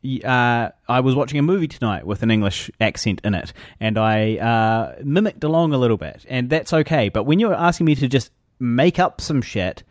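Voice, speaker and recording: A man's voice: medium pitch, lively intonation, normal speed, hardly any pauses, dry recording. A New man co-hosting a podcast, joking and rambling with plenty of swearing. His voice sits mid-range and sounds close and dry. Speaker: podcast co-host and actor. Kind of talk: casual chat.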